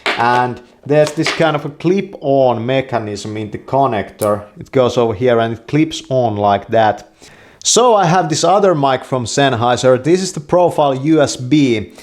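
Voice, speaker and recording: A man casually explaining and demonstrating a microphone in a product video. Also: mid-range voice. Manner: slow, relaxed, plainly explaining.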